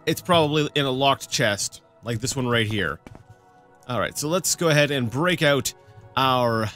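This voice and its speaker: A man's voice: mid-range voice, a little slow, fairly bright tone, soft background music. A man casually commenting on his gameplay as host, rambling and often stammering over repeated words. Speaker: let's play host.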